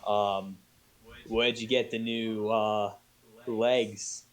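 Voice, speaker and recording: A man voicing a gruff, hearty dwarf lord with an Australian accent. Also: on the low side, flat delivery, drawn-out words.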